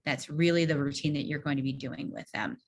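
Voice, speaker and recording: A woman's voice: low-pitched, fairly even intonation, brisk, a little hiss or hum. A woman leading an online teacher training workshop over a video call, explaining a reading routine step by step and modelling the prompts she gives in class. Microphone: video call microphone.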